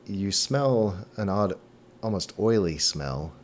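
Low-voiced man narrating as game master. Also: takes it slowly, a little hiss or hum. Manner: relaxed, descriptive narration with fillers.

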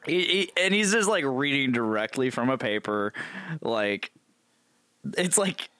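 A man's voice: medium pitch, animated, a little slow, sharp tone, dry recording, studio quality. A man co-hosting a podcast in casual chat, laughing often, swearing and restarting his sentences.

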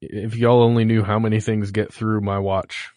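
A man co-hosting a podcast in casual chat, relaxed with wry asides. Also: on the low side, moderate pace, no echo, studio quality. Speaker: podcast co-host.

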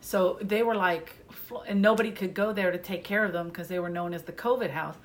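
A woman's voice: fairly low pitch, fairly quick, a little hiss or hum. A woman from Philadelphia, a comedian guest, telling stories in casual podcast chat and acting out the voices of the people in them. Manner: animated storyteller, acts out family voices.

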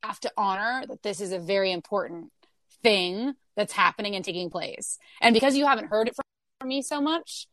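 A woman's voice: medium pitch, brisk, a bit bright, dry recording, clean studio sound. A woman guest in a casual interview, explaining her parenting views thoughtfully with everyday examples. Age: adult parent.

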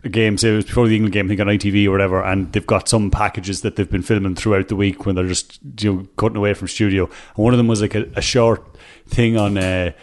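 A low-voiced man co-hosts a relaxed podcast chat. He teases his co-host with a dry wit and recalls things in a loose, conversational way. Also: quick pace. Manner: dry, teasing humour.

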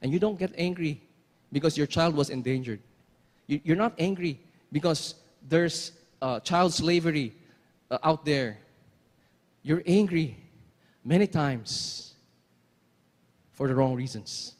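A man's voice: on the high side, a little slow, pauses often. A man preaching a sermon, emphatic, repeating phrases and asking rhetorical questions. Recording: long hall reverb.

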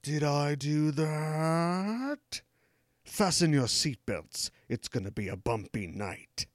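A man's voice: fairly high pitch, lively intonation, takes it slowly, no room sound, studio quality. A man doing an impression of a smug British starship captain, speaking in a put-on British accent through clenched teeth. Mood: clipped, smug. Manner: teeth-clenched, clipped delivery.

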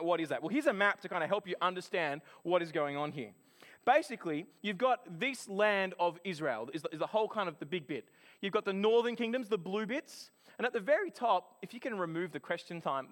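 A man preaching a sermon, telling a personal story in an animated, chatty way. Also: high-pitched.

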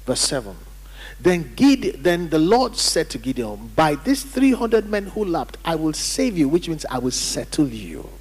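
Husky preaching man in echoing hall. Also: fairly high pitch, very animated, unhurried. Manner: emphatic preaching, calls on congregation to repeat. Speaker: pastor. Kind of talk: sermon. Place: church hall during service. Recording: church hall reverb.

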